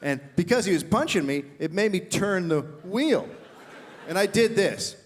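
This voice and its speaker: A middle-aged man doing animated stand-up comedy, shouting his acted quotes. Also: high-pitched, normal speed, slight background noise. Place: large theater stage. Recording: reverberant theater hall. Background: audience laughter.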